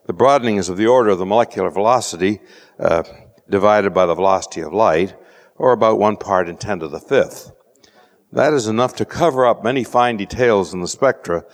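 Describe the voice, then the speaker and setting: A man with a fairly low voice delivers a measured scientific lecture, dry-witted and patient. He often pauses on fillers as he works through an explanation. The sound rings with the long reverb of a lecture hall.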